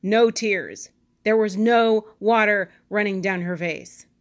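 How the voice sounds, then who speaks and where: A woman's voice: medium pitch, takes it slowly. A woman vlogger talking to camera in a rambling, skeptical, casual monologue.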